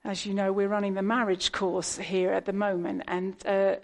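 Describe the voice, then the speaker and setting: A woman's voice: medium pitch, flat delivery, moderate pace, a little mellow. A woman in her fifties from Britain gives a sermon. She keeps it conversational and chatty, with friendly asides to the people listening. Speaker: preacher.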